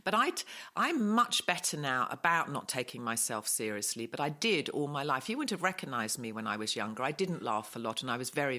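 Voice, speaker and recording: Frank English woman with a bright voice. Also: extremely low pitch. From England. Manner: frank, self-described sarcastic. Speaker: podcast co-host and author. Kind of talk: casual podcast conversation.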